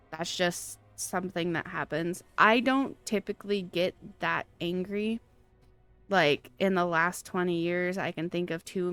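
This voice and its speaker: A woman with a Pacific Northwest American accent chats casually with her stream while playing. She talks slowly and meanders, and her voice is smooth and a little low, full of "um" and "like" and restarts. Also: a bit bright. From Pacific Northwest, USA. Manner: rambling, frequent fillers and restarts. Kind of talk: casual chat while gaming, answering chat. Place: home room with a fan.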